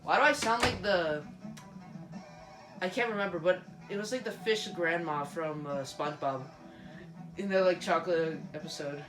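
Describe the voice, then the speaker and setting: A man's voice: sits high, normal speed, long pauses. A man casually commenting on a game, rambling with frequent restarts and self-corrections. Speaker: gaming YouTuber. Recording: roomy room with game music playing.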